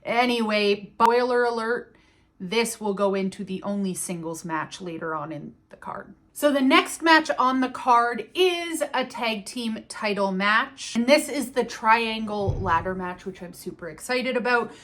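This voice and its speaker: A woman's voice: a little high, animated, measured pace, fairly bright tone. A woman chatting casually and enthusiastically as she reviews a wrestling event, with the odd casual swear.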